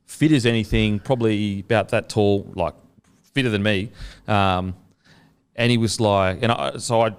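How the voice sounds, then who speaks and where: A man's voice: fairly low pitch, clean tone. A man with an Australian accent, hosting a casual chat and telling a story with lots of swearing and quoted lines. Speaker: podcast host.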